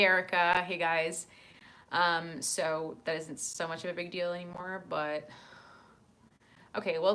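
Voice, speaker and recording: A woman's voice: fairly low pitch, a bit bright. A woman hosting a casual livestream from her apartment, chatting with viewers and reading their comments aloud with lots of ums. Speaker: livestream host.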